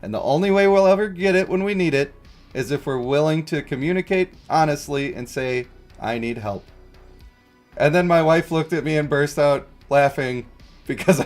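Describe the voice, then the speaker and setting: A man in his thirties streaming a game, rambling and chuckling as he answers chat. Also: fairly high pitch. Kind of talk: casual livestream chat.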